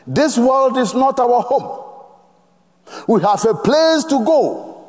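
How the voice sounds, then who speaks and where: A man's voice: very high voice, very animated, slow pace, pauses often. A man with a Ghanaian accent preaching a sermon emphatically, prompting the congregation to finish his phrases. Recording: long reverb of a large hall.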